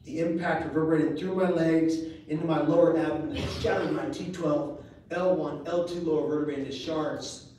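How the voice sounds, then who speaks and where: A man giving a live motivational speech to a crowd, telling a personal story with earnest pauses and quick jokes, his voice rising high and loud at dramatic moments. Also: fairly even intonation, a little hiss or hum. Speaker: public speaker. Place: large event room. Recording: echoey live room recorded from far off.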